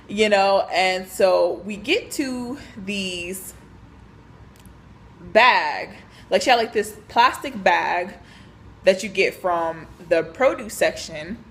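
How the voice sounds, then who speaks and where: This young woman's mid-range voice comes with a bit of hiss or hum as she recounts a work storytime vlog-style. She stays casual and animated, leaning heavily on fillers and acted dialogue.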